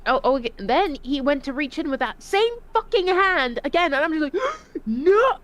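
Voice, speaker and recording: A woman who served in the Navy, telling profane, animated stories in a casual voice chat. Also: high voice, brisk. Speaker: Navy veteran storyteller.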